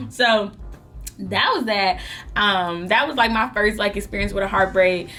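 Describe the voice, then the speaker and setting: A young woman vlogger telling a story in an animated, melodramatic way while eating, in a casual storytime chat. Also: mid-range voice, measured pace, faint music behind.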